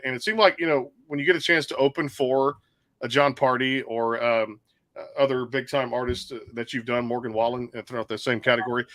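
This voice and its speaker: A man's voice: medium pitch, a bit bright. A man with a mid-range voice hosting an interview. He asks long, loose questions and often restarts his words mid-sentence. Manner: rambling questions with stammered restarts. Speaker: interview host.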